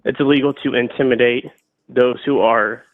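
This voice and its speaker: A man's voice: medium pitch, moderate pace, no room sound. 20-something guy calling in, tinny phone-ish sound, dry, kinda hesitant, mid voice. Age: 20s. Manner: calm, hesitant, uses fillers. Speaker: caller.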